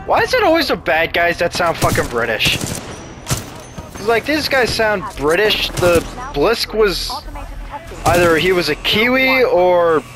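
A man's voice: high voice, sing-song, takes it slowly. A man commentating his own gameplay, swearing at enemies and mocking himself. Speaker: gaming video host. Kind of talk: let's play commentary. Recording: commentary over loud gunfire.

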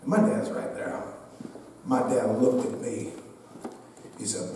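A pastor with a medium-pitched male voice preaches a sermon, speaking slowly with long pauses as he tells a funny personal story and jokes with his congregation. He's a lively, humorous storyteller who acts out the people in his tale and addresses the congregation directly. It was recorded in a church sanctuary with a distant mic, giving an echoey hall sound with slight background noise.

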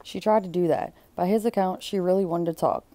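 A woman's voice: fairly low pitch, fairly even intonation, a little fast, dark tone, dry recording. A woman reading a book aloud and breaking off for blunt, exclaiming comments. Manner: blunt, exclaiming asides between read passages.

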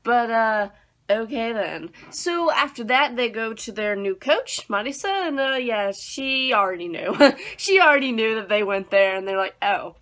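Bright, chatty young woman reviewing anime. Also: on the high side, lively intonation, normal speed. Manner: rambling, chatty, acts out her own reactions. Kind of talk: casual review chat.

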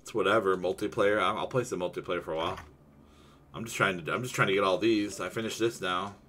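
A young man on a gaming stream, his voice sitting a little low as he rants and swears in loose, heated chat. He talks to a teammate while he plays. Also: steady tone, quick pace, fairly bright tone, slight background noise. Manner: profane, ranting and heated.

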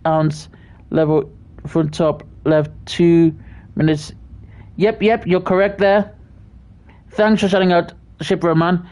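A livestream host from Britain, chatting casually and reading out viewer messages, often stammering and repeating words while giving friendly shout-outs. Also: mid-range voice, clean tone.

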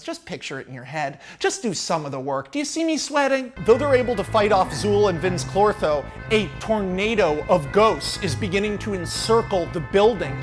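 Man, casual storytelling, profane, animated, music behind. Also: sits high. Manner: animated and profane, swinging from mutters to shouts. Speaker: channel host, screenwriter. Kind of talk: casual storytelling of a film pitch.

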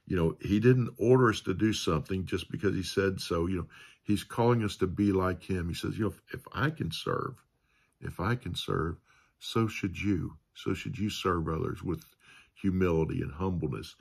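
A man's voice: sits low, moderate pace, vocal fry, breathy edge. A man giving a casual Sunday school Bible lesson, rambling with many fillers and restarts.

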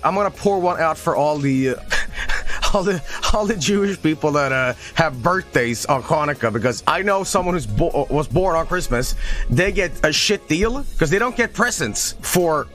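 Man, game streamer, excitable, swearing, jokey, wildly swinging pitch, faint music. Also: moderate pace. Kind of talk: casual live-stream commentary.

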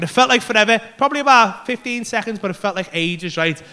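A male comedian telling a wild story on a club stage, animated and full of swearing. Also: sits high, fast, hardly any pauses, slight background noise. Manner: animated, swears constantly, acts out voices and screams. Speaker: stand-up comedian. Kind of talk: stand-up storytelling.

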